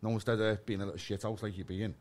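A man's voice: on the low side, little pitch movement, fast talker, a little mellow. A man, a podcast guest telling a story in blunt, sweary casual chat and acting out both sides of phone arguments.

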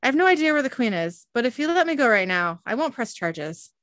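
A woman's voice: a little high, very animated, quick pace, fairly bright tone, dry recording, studio quality, pitched above the performer's own voice. Nervous costumed orc lawyer, flustered and pleading, a woman putting him on. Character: nervous young male lawyer dressed as an orc.

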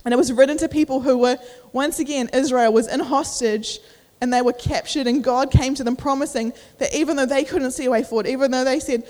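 A woman's voice: high-pitched, fairly even intonation, fairly quick, hardly any pauses, a little mellow. A young woman giving a casual sermon at church, chatty with many fillers, acting out inner voices, a little out of breath. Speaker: youth preacher. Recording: echoey church hall.

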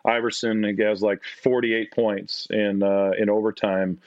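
A middle-aged Canadian man, a former basketball player, tells stories as a podcast guest in a casual, animated way, acting out quotes in a higher voice. He talks a little slowly. The audio is dry and slightly dull, with no room sound.

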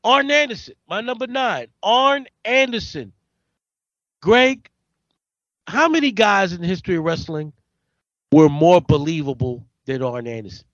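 Excitable high-voiced man in casual chat. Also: a little slow, pauses often, no room sound. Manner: excitable, stammering, emphatic repetition. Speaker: podcast host. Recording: dull, dry lo-fi recording.

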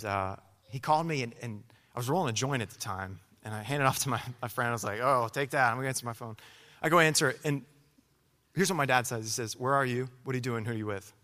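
A young adult man preaching his testimony in a church, halting and repeating words, moving from hushed speech to loud preaching. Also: medium pitch. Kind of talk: sermon testimony. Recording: hall reverb.

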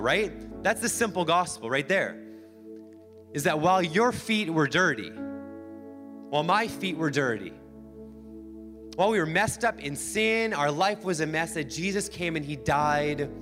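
A male pastor preaching a sermon in a church, emphatic and repetitive, returning to the same phrases again and again. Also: a little high. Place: church sanctuary. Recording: long hall reverb with band music.

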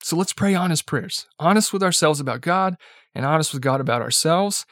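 A man's voice: on the high side, animated, fairly quick, a bit bright, no echo, studio quality. A young man giving a casual sermon, talking conversationally with lots of "like" and "right?" and light chuckles. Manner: chuckles lightly while speaking. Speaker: preacher.

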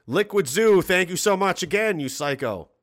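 A man with a high voice hosts a casual livestream at normal speed, reading viewer messages aloud. He's animated, curses freely and laughs a lot.

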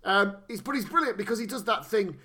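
A man co-hosting a casual, sweary chat, animated and fond of putting on mock voices. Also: sits high, quick pace. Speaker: podcast co-host.

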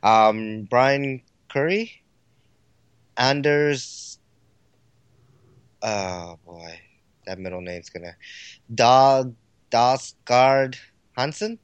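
A man's voice: medium pitch, drawn-out words, pauses often, clean tone, no echo, highs cut off. Easygoing male podcast host, dry sound. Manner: easygoing, reads out listener names and plugs. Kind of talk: casual podcast chat.

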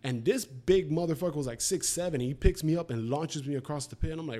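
A man's voice: on the high side, quick pace. A man in his twenties chatting casually, telling profane stories and acting out the quotes. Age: 20s. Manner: profane, animated storytelling with acted-out quotes. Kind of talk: casual chat.

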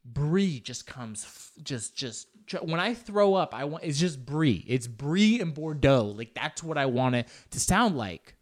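A man's voice: on the high side, sing-song, measured pace, hardly any pauses. A young man hosting a show alone, rambling in casual, profane, self-mocking chat. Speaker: podcast host.

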